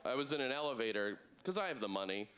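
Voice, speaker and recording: Man with a lively, bouncing delivery. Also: mid-range voice, fast talker, background noise. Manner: deadpan, with lively put-on quoted voices. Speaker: stand-up comedian. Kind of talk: stand-up comedy set. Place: comedy club stage.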